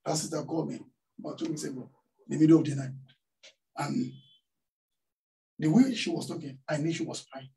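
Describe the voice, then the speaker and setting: A pastor preaching in church, his voice fairly high-pitched but mellow and dark in tone. He tells a story and keeps throwing questions out to the congregation, and he sounds set back from the microphone. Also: steady tone, a little fast, vocal fry, pauses often, far from the mic, low-quality recording. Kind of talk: sermon. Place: church hall.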